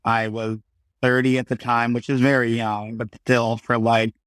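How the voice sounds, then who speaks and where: A man in his thirties, a podcast guest, telling lively stories in casual talk and acting out the quotes. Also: medium pitch, moderate pace, no echo, clean studio sound. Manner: animated storyteller, acts out quotes. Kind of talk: casual conversation.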